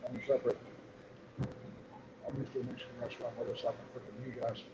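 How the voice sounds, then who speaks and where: A man's voice: mid-range voice, level tone, a little fast, echoey room. A middle-aged man hosting a livestream, rambling and swearing through stories over a meal at a restaurant. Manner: profane, rambling storytelling. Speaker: livestream host. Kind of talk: casual chat. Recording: noisy background.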